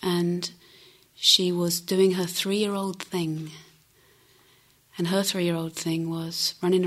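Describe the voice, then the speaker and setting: Middle aged woman teaching meditation, slow gentle dharma talk, kinda husky. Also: fairly low pitch. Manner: gentle, reflective, unhurried with pauses.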